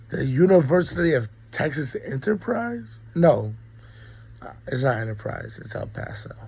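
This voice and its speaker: A man's voice: medium pitch, creaky, darkish tone, rough recording. A young man with a cold giving a rambling, opinionated college football recap, full of ums. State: sick, coughing. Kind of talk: casual sports recap monologue.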